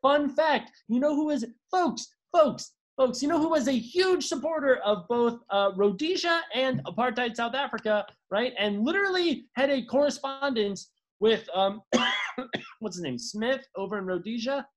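A podcast co-host rambles through stories in loose, casual chat. The delivery is full of fillers and false starts, and the pitch leaps far up and down with a lively swing. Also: moderate pace. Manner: rambling, with many fillers and restarts; swoops from low to high when excited.

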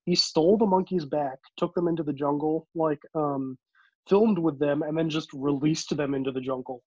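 Brief: husky-voiced man co-hosting a laid-back podcast, dull lo-fi dry mic. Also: on the high side, normal speed, dry recording. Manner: relaxed, recounts facts with many "like" fillers. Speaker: podcast co-host. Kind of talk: casual chat.

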